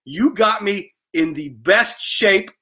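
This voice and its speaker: A man's voice: sits high, lively intonation, slow, pushed and bright, breathy edge. A man hosting an interview in a chatty, storytelling way, often repeating his words. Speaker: interview host. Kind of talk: casual interview chat.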